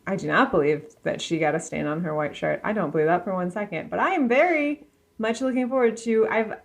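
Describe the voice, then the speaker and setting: A woman's voice: mid-range voice, a little fast, gravelly. A woman guest on a podcast, reacting in casual chat and playfully joking with guesses about the story. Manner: playful, jokey, laughs at her own guesses.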